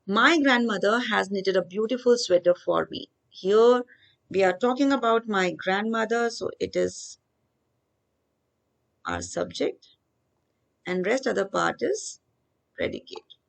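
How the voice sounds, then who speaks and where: A woman teaching grammar. She reads each worksheet example slowly, then explains the answer step by step. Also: mid-range voice, sing-song, gravelly. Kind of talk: worksheet walkthrough lesson.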